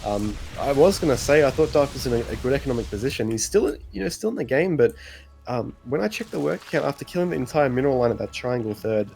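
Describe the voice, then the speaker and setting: A man casting a live strategy game in a relaxed, chatty way, half asleep, with many pauses and small laughs. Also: medium pitch, creaky. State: sleepy. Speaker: esports caster. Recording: faint game music underneath.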